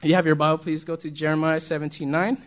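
A man with a voice pitched a little above most men preaches in a loose, conversational way. He keeps checking in with the congregation through quick questions and chuckles easily. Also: level tone. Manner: chatty, asks the congregation questions, chuckles often. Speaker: pastor. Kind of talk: casual conversational sermon.

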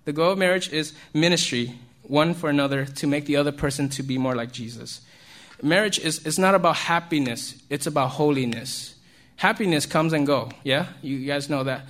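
Preaching casually to a young audience, this man has a fairly high, fairly bright voice and a moderate pace. He chats rather than lectures, often asking "right?" to check in, with chuckles between his points.

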